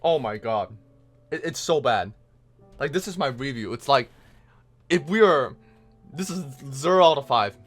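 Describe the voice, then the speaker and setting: A man ranting a profane, exasperated reaction review, swinging from shouted disbelief to low muttering. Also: animated, normal speed, pauses often, soft background music. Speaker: online reviewer.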